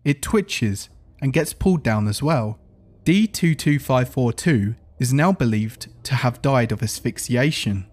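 A man giving scripted horror narration in an even, report-like reading style. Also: medium pitch, unhurried.

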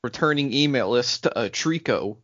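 A man's voice: mid-range voice, expressive, moderate pace, fairly bright tone, dry recording. A young man co-hosting a podcast in casual chat, rambling and laughing easily. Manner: rambling, laughs often, restarts. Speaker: podcast co-host. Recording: dull lo-fi podcast audio, dry.

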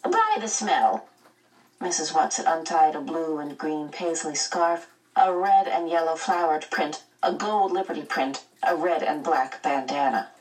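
A woman narrating a children's novel aloud in a measured, expressive way. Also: deep voice, distant mic, poor audio. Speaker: audiobook narrator. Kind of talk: storybook narration.

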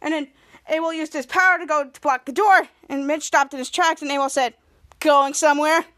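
A woman hosts a podcast and recaps an episode in casual talk. She rambles and restarts her sentences often. Her voice sits very high. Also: brisk, pushed and bright. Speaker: podcast host.

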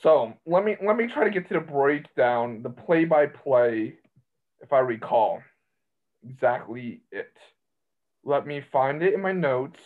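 A man hosting a casual sports podcast. He rambles in an excitable way and keeps cutting into his own sentences. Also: medium pitch, measured pace. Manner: rambling, excitable, self-interrupting. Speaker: college baseball podcast host. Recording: tinny phone-line sound.

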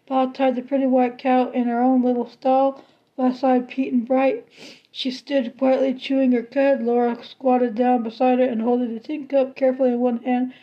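High-voiced woman reading a children's novel. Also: moderate pace. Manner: steady, plain read with small restarts. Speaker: narrator. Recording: slightly muffled lo-fi recording.

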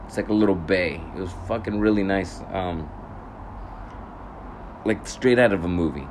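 Low-voiced young man telling a rambling, profane story. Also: normal speed, a little mellow, a little hiss or hum. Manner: rambling, profane, self-correcting, laughs at himself. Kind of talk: casual storytelling monologue.

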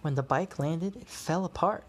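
Breathy woman reading a storybook. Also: sits low. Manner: expressive, measured read-aloud. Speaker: storybook reader.

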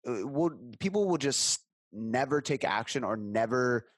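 A man's voice: mid-range voice, expressive, a little slow, no echo. A man talking casually as a content creator on a podcast, earnest and reflective, with some swearing.

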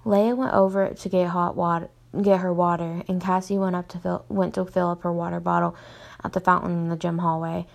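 A woman's voice: lowish voice, level tone, fairly quick, vocal fry. A young woman reading her own story aloud, plainly, stumbling and restarting often.

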